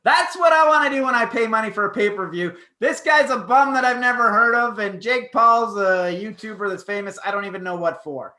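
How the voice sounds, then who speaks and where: A man with a high voice and a sharp, bright tone chats casually. He makes dry, sarcastic complaints. The room around him adds a clear echo. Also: brisk, hardly any pauses. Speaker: podcast co-host. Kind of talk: casual chat. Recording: roomy echo.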